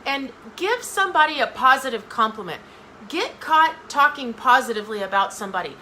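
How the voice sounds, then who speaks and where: A woman's voice: high voice, expressive, a little fast, bright, forceful tone, slight background noise, rough recording. A middle-aged woman giving a motivational talk straight to her viewers, emphatic and repeating phrases for effect. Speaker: motivational speaker.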